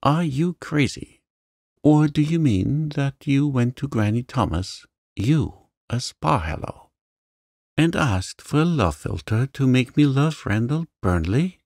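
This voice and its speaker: A man voicing a spirited, quick-tempered young woman who speaks sharply and dismissively. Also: lowish voice, animated, creaky, a little mellow, no room sound, studio quality. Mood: excited, scornful.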